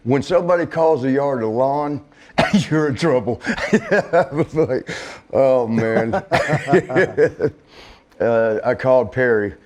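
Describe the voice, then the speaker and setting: A middle-aged man telling a casual story, laughing often and swearing, acting out quotes in a higher voice. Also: a little slow, a little mellow. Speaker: interview guest.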